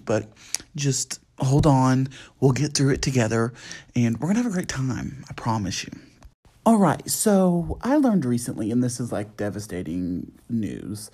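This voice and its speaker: Young male podcast host, sassy, chatty, lively pitch. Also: husky. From United States. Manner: sassy, chatty, animated, lots of fillers. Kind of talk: casual solo podcast chat. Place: at home at night.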